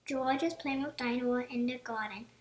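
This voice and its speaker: A woman reading a children's picture book aloud in a gentle, measured storytelling manner. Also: fairly high pitch, fairly even intonation. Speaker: storybook reader. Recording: roomy echoey room.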